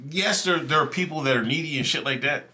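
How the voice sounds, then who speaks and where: A man's voice: on the high side, fast, noisy background. A man hosting a livestream, telling a story to his chat in a loose, profane, conversational way. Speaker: livestream host. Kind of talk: casual storytelling to stream chat.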